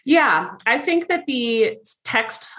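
A woman's voice: a little high, very animated, takes it slowly, fairly bright tone. A woman guest in a casual interview, explaining things thoughtfully with frequent fillers. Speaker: marketing guest.

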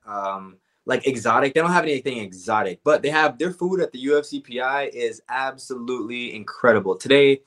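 A man's voice: mid-range voice, a bit bright. A young man, a fighter guest, talking casually in an interview, laid back and rambling with lots of fillers.

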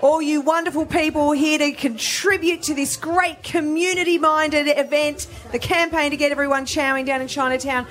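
High-voiced bright female radio host. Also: steady tone, normal speed, hardly any pauses. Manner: bright, encouraging. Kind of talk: live radio hosting. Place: restaurant, live broadcast.

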